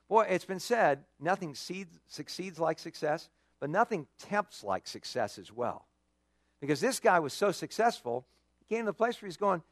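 A male pastor preaching a sermon, telling stories with lively dramatic emphasis. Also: high-pitched, moderate pace, no room sound. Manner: animated storytelling with dramatic emphasis.

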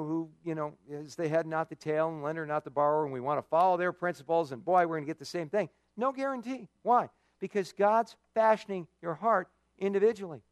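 A man's voice: a little high, dry recording, studio quality. A man preaching a sermon in a conversational, folksy way, full of asides and rhetorical questions. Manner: conversational, folksy and animated, with many "you know"s and rhetorical questions. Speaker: pastor.

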